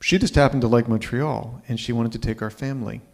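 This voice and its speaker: A man's voice: medium pitch, brisk, vocal fry, a little mellow. A man in his fifties telling a personal story live on stage, conversational and checking in with the audience. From Ontario, Canada.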